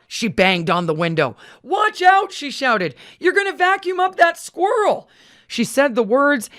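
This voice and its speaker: Expressive woman reading a storybook aloud. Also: mid-range voice, dry recording, clean studio sound. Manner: expressive, varied delivery. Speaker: reader.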